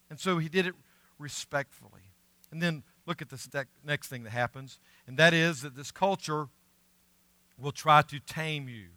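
A middle-aged pastor preaches with a bright, forceful, slightly high voice. He leans hard on key words, then drops to a quiet, confiding tone. The sound is close and dry, with no room echo. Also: normal speed. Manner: earnest, emphatic preaching with rising and falling volume. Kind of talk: sermon.

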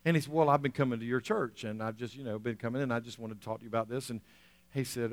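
A man's voice: mid-range voice, steady tone, very fast. A man preaching a sermon as pastor, telling a story with acted-out quotes and repeating phrases for emphasis. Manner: storytelling, acting out quoted voices, rising to emphatic peaks; repeats phrases, frequent "right?" checks with audience.

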